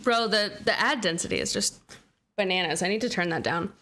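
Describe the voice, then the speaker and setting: A woman's voice: mid-range voice, fairly quick, sharp tone, faint music behind. A young woman streaming a game who chats casually and bubbly with her viewers, thanking them by name. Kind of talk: casual livestream chat.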